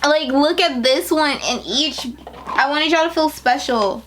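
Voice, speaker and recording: A young woman unboxing her new business packaging in a casual vlog, excitable and emotional, talking in slang. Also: high voice, unhurried, slight background noise. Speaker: beauty business owner.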